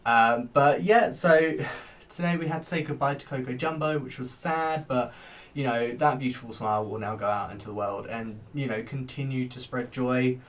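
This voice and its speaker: A man's voice: mid-range voice, normal speed, distant mic. A man who performs as a drag queen, chatting casually from a home office as he reviews a TV show, bubbly and giggly with lots of rambling fillers.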